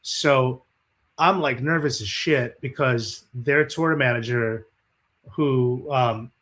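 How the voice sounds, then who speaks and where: Speaking slowly in a mid-range voice, this man is a guest musician in an interview. He spins laid-back anecdotes, cursing freely and performing the lines of the people he quotes.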